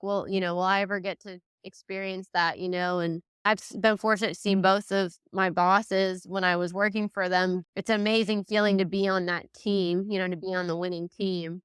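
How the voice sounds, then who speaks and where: Woman with a very clear, smooth voice, recounting things in a rambling way. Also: mid-range voice, fairly bright tone, dry recording, studio quality. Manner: rambling, emotional play-by-play full of "like" and "you know". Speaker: guest, reining horse trainer. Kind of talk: casual interview storytelling.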